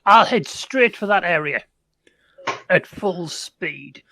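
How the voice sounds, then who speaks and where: A man's voice: sits high, animated, slow, bright, forceful tone, no echo. An older man in casual, jokey chat as a player in a tabletop game. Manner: jokey, playful.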